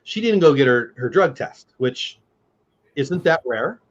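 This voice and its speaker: A man co-hosting a casual watch-party chat, telling blunt, animated work stories. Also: mid-range voice, a little slow. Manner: blunt, animated storytelling with quoted voices. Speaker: co-host. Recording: dull lo-fi sound.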